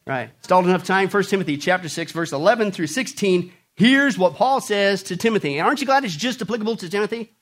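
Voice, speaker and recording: A man preaching a sermon, animated and playful, acting out jokes and mocking voices and calling on the congregation to answer back. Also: high-pitched, quick pace, few pauses. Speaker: pastor.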